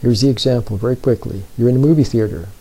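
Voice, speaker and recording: A man giving spoken self-help advice, slow and deliberate, who keeps repeating his points and checking in with the listener. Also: mid-range voice, creaky, mellow, rough recording. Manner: repeats points and often checks in with "See?" and "Are you with me?". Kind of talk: plain spoken advice talk.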